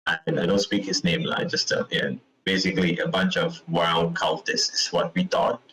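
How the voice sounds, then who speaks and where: Low-voiced dude playing a tabletop game, lively up and down, bit of hiss. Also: male voice, normal speed, roomy sound, rough recording. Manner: chatty, hesitant. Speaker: player. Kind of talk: casual chat.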